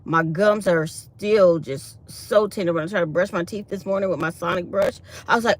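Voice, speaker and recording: A woman's voice: fairly low pitch, a little slow, pauses often. A woman chatting casually to her viewers, animatedly retelling her day. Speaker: vlogger.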